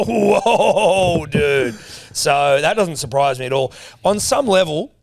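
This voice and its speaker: A man's voice: on the high side, lively intonation, a little slow, creaky, no room sound. A man with an Australian accent co-hosting a casual sports podcast, swearing freely and acting out quotes as he tells stories. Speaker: podcast co-host.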